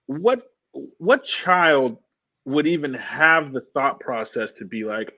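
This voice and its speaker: A man's voice: mid-range voice, expressive, slow pace. Incredulous man co-host, dull lo-fi sound. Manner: incredulous, sarcastic. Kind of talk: casual chat.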